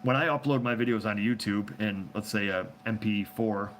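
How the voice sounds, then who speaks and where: Low-voiced guy rambling and cracking jokes on a phone livestream, bit of background hiss. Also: moderate pace, a bit bright. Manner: rambling, joking, laughs often. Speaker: host answering viewer questions. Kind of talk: casual live chat.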